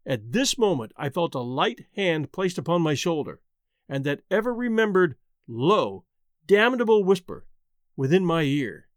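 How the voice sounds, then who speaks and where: A man narrating a gothic tale as a dramatic reading, measured and slowing for emphasis. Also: a little high, very animated, no echo, studio quality.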